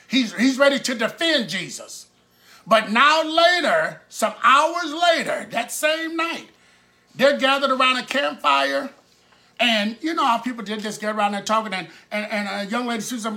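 A man's voice: very high-pitched, lively intonation, unhurried, sharp tone. A man preaching a sermon in a conversational storytelling way, acting out the people in his stories.

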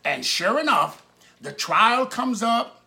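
A man's voice: very high voice, expressive, slow, sharp tone. A man preaching a sermon in a conversational storytelling way, acting out the people in his stories.

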